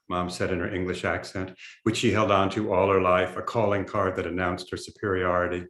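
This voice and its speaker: Low-voiced man reading a memoir. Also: steady tone, a bit bright. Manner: measured storytelling. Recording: roomy echo.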